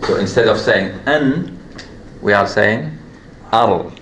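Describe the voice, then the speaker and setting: A man's voice: fairly low pitch, unhurried, a bit bright. A man teaching a classroom lesson on Quran recitation, explaining patiently step by step with repeated examples. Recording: echoey room, light background hum.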